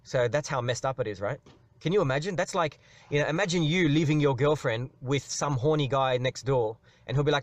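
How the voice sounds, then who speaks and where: A man's voice: mid-range voice, fairly quick, no echo. A man hosting a live question-and-answer stream, rambling through an explanation and tagging "right?" onto his sentences. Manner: rambling, repeats "right?" as a tag, restarts words. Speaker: live Q&A host. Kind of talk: casual explanatory monologue.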